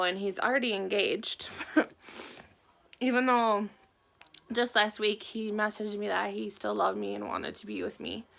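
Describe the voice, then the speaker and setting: A young woman telling her own story to camera in a soft, halting way, holding back tears. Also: mid-range voice, vocal fry. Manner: soft, halting, emotional, with many pauses and fillers. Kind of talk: personal testimony to camera.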